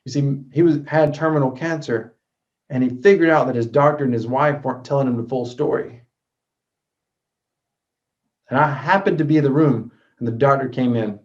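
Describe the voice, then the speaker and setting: Earnest male storyteller, dark mellow tone. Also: medium pitch, moderate pace, long pauses. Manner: earnest, shifting between loud and hushed. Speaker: motivational speaker. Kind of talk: storytelling talk. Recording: dull lo-fi recording.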